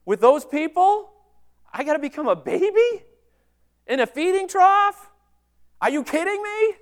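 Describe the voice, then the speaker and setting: A man's voice: very high-pitched, expressive, fairly quick, smooth, pitched above the performer's own voice. A man acting out an indignant, whiny man who complains about a humbling task. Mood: incredulous whine. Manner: complaining, incredulous.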